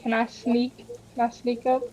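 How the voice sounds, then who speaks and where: Higher-voiced woman asking questions as a player. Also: monotone, normal speed, warm tone, dull audio. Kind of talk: casual tabletop play.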